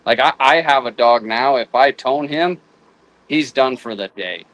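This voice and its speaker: Halting, rambling man talking dogs. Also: mid-range voice, a bit bright, low-quality recording. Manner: halting, repeats words while thinking. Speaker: guest houndsman. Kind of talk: casual chat.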